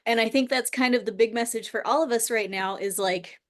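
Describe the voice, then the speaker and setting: A woman's voice: fairly high pitch, a little fast, few pauses. A woman in her thirties or forties hosting a casual chat, telling a personal story earnestly and rambling, full of "like.". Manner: earnest, rambling, heavy use of "like". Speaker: host.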